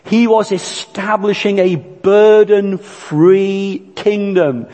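A man preaching a sermon, earnest and deliberate, walking listeners through illustrations. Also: sits high, steady tone, warm tone. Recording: long church reverb.

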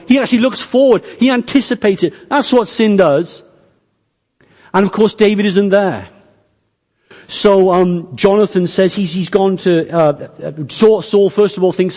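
A man preaching a sermon, earnest and emphatic, speaking directly to his congregation with slow, stressed phrases. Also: on the high side, darkish tone, long reverb tail.

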